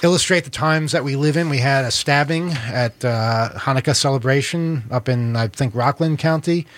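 A man with a New York accent hosting a political talk show, earnest and halting with many fillers. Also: mid-range voice. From Queens, New York. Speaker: show host.

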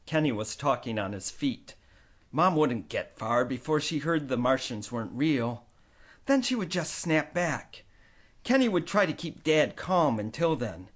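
Expressive, lively male narrator. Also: mid-range voice. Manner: expressive storytelling. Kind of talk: scripted audiobook narration.

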